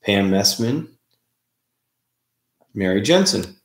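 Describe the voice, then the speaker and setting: A man hosting a casual live stream, chatting in a relaxed way and greeting viewers by name. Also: fairly low pitch, slow. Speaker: livestream host. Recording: roomy, echoey room sound.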